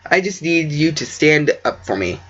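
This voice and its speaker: A man voicing a calm young adult man who helps a hurt stranger, in a storybook reading with a dull lo-fi recording. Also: fairly high pitch, moderate pace.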